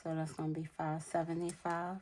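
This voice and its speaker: A woman's voice: low-pitched, monotone, a little fast, darkish tone. A woman in her forties from New York City, chatting casually and counting money aloud as she tells stories. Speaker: budgeting vlogger. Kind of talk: casual chat while cash stuffing.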